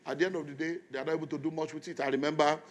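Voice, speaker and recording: Nigerian preacher telling a story. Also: male voice, on the high side, fairly even intonation, racing. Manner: storytelling, tells the audience to repeat lines to their neighbours. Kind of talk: sermon.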